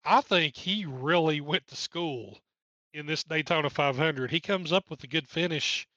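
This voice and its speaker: A man's voice: fairly high pitch, moderate pace, sharp tone, dry recording, highs cut off. A man with an East Tennessee accent, co-hosting a podcast and chatting wryly through an old race recap. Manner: chatty, wry, jokes between driver lists. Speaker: podcast co-host. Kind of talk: casual race recap commentary.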